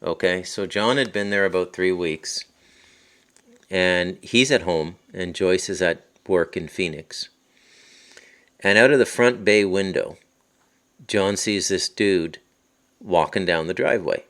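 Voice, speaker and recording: A Canadian man with an Ottawa Valley accent and a low, deep voice tells a story in a loose, rambling monologue. He wanders off on tangents and restarts his sentences often. He speaks into his phone at his home in the countryside. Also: a little slow, pauses often, fairly bright tone. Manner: rambling, digressive, frequent restarts. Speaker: podcast host and author.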